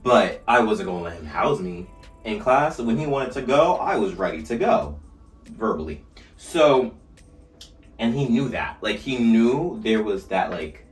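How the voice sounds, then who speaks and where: A young man vlogger telling a story in a casual way while getting ready, with animated retellings. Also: sits low. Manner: animated storytelling, shouting re-enacted lines. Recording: echoey room, mic at a distance, faint music.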